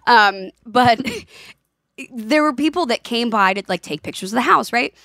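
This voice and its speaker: A woman in her forties co-hosting a podcast, telling stories in a lively, animated way. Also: on the high side, a little slow, no room sound, studio quality. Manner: animated storytelling with laughs and quoted voices. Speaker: podcast co-host. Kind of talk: casual chat.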